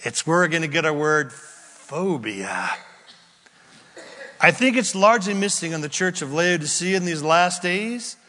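Man, pastor, sermon, slow deliberate delivery, slightly high voice, reverberant church hall. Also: expressive, bright, forceful tone. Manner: emphatic, drawn-out stresses on key words. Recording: long reverb of a large hall.

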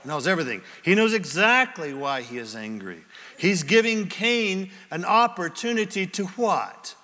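A man preaching a sermon as pastor, with an animated, dramatic delivery and many questions put to the congregation. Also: sits high, normal speed, long reverb tail. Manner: asks the congregation rhetorical questions.

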